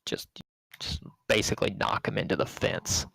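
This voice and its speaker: A man running a tabletop role-playing game, narrating the action in a relaxed, casual way. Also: moderate pace, no echo, rough recording. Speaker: game master.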